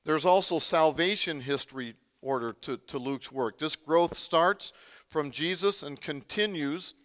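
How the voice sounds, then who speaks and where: A man's voice: fairly high pitch, a little slow, a bit bright, long reverb tail. A man preaching a sermon in a conversational way, often quizzing the congregation with questions. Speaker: pastor.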